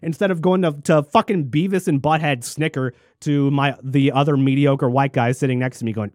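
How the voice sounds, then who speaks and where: A man's voice: medium pitch, steady tone, a little fast, a little mellow, dry recording, studio quality. A man ranting angrily in political commentary, swearing constantly and mocking people in sneering voices. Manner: angry, profane, mocking mimicry.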